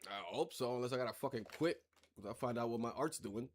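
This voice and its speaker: A man's voice: medium pitch, quick pace, a little hiss or hum. A man giving casual, rambling let's-play commentary, swearing freely and turning sarcastic as he reacts to the story. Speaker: gameplay commentator.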